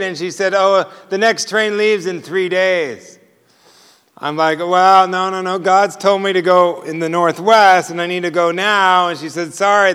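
A man telling a personal faith story as a sermon, animated and often chuckling at his own punchlines. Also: high-pitched, clear, resonant tone. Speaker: preacher sharing testimony. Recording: long hall reverb.

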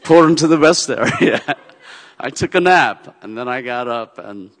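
A man preaching, telling a personal story in an animated way, swinging from shouts down to soft, quiet lines. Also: mid-range voice, moderate pace, big-room sound. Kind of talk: sermon storytelling.

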